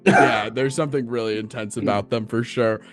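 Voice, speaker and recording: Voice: medium pitch, steady tone, moderate pace, soft background music. A game master narrating a tabletop game, giggly and playful, improvising descriptions as they go.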